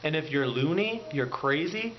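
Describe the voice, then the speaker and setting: A man teaching a language lesson through call and repeat, drawing words out and swinging his pitch up and down on each drilled word. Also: animated, moderate pace. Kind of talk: slow, drawn-out classroom teaching with call and repeat. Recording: dull lo-fi sound with faint noise.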